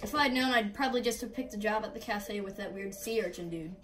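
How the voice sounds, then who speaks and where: A woman doing gameplay commentary, reacting loudly with exclamations and self-conscious laughter. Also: medium pitch, quick pace, far from the mic, rough recording. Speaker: gaming YouTuber. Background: game music.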